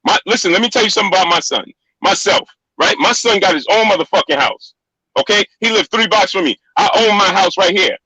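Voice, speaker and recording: A man's voice: high voice, brisk, pushed and bright, husky, no echo, poor audio. A middle-aged man arguing on a live stream, insistent and repetitive, talking over the other speaker. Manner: insistent, repeats himself, talks over others. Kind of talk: heated live-stream argument.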